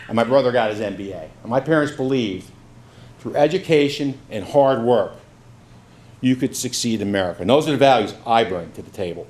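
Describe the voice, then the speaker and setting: A man's voice: mid-range voice, a little mellow. Folksy middle-aged man giving a campaign speech. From Brooklyn, New York. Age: 50s. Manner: folksy storyteller, self-deprecating humor. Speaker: judicial candidate.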